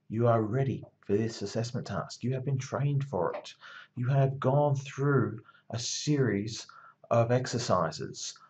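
A man's voice: medium pitch, darkish tone. Rousing male lecturer, lo-fi recording. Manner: rousing, emphatic, repetitive pep talk. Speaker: university marketing lecturer.

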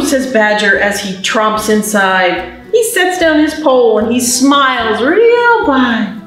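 A children's librarian reads a picture book to babies and parents in a roomy library, teaching signs in a sing-song storytime manner. Her voice is a little high and fairly bright, slow but with hardly any pauses. Soft music plays, and the distant mic picks up a very echoey room.

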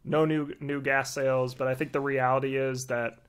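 A male podcast co-host explaining things in casual chat. He keeps a relaxed, easygoing manner and uses plenty of fillers. His voice sits at a middling pitch. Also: normal speed, clear, resonant tone.

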